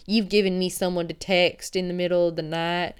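A woman voicing a made-up woman sarcastically listing the small ways her fiancé has changed her life, in a mocking deadpan. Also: fairly low pitch, a little fast, clear, resonant tone, natural voice. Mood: sarcastic. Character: sarcastically imagined woman listing petty gains.

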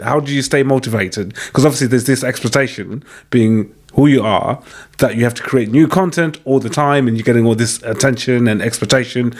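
A man hosts a podcast and asks his guest questions in a relaxed, conversational way. He hesitates now and then, with fillers and repeated words. His voice sits at an ordinary middle pitch. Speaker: podcast host. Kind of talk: podcast interview.

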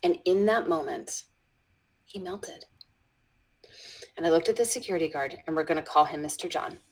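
A woman educator, a guest in a conversational interview, telling a story with frequent restarts and dropping into soft whispers when she quotes someone. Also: sits low, moderate pace, rough recording.

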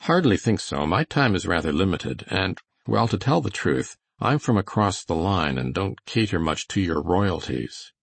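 A man's voice: low-pitched, big pitch swings, normal speed, vocal fry, hardly any pauses, husky, no room sound, exaggerated voice. A man voicing a dry, skeptical older male colonel with a laconic manner, in a storybook reading.

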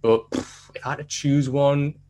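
A man's voice: mid-range voice, steady tone, moderate pace, mellow. A man co-hosting a casual podcast, retelling film scenes in a chatty way and laughing often. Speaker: podcast co-host. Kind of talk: casual chat.

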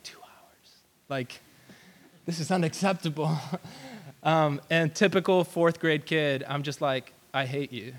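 A young man giving a casual sermon to a youth group, telling a personal story in an animated way with lots of "um" and "like". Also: a little high. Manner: animated storyteller, many fillers like "um" and "like". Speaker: youth pastor.

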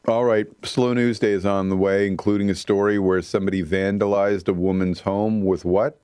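A man's voice: lowish voice, level tone, fairly quick, a little mellow, clean tone, dry recording. A man hosting a radio talk show in a studio, chatting casually in a rambling, self-mocking way. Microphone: studio microphone.

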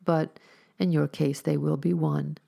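A woman reading the lines of a mysterious, gentle male stranger with a calm authority and slow, solemn delivery. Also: low-pitched, creaky, exaggerated voice.

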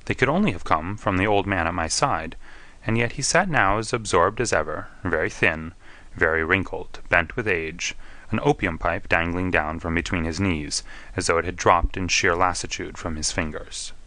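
Deep-voiced man narrating a story. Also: moderate pace, bright, forceful tone, no room sound. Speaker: audiobook narrator. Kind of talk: first-person story narration.

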